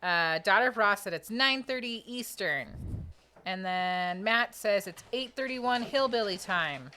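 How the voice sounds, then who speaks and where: A sleepy woman co-hosts a live stream, reading viewer messages aloud and thanking each one. She is chatty and playful, sometimes singing little high-pitched dings when a donation comes in. Her voice sits at a middle pitch. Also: lively intonation, a little slow, bright, forceful tone, a little hiss or hum. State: sleepy, yawning. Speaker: co-host reading super chats. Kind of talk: casual live-stream chat.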